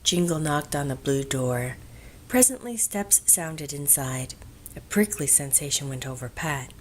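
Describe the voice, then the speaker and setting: Female audiobook narrator, lower register, calm measured delivery, soft hushed moments. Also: a little hiss or hum.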